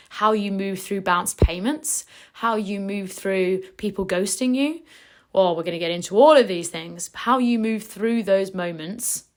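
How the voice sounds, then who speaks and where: A woman delivers a motivational solo podcast with punchy, emphatic energy. She stretches key phrases for effect and swears casually. Her pitch sits in an ordinary middle range for a woman. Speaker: podcast host and business coach.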